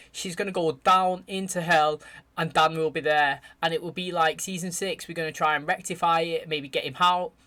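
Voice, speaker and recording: A man hosting his channel, chatting excitedly as he reacts to a show's finale and addresses his viewers directly. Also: fairly high pitch. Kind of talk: casual reaction commentary.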